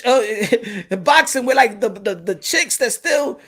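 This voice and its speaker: A young man rants about boxing in a loose, profane monologue, laughing and acting out voices as he goes. His voice sits high for a man. It has a bright, forceful edge. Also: slow. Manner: animated, profane, laughs often, acts out quotes. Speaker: boxing commentator. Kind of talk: casual monologue.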